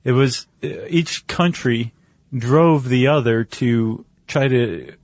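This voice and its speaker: A man's voice: medium pitch, slow pace. A man co-hosting a casual podcast chat, loose and joking as he explains history. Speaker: podcast co-host.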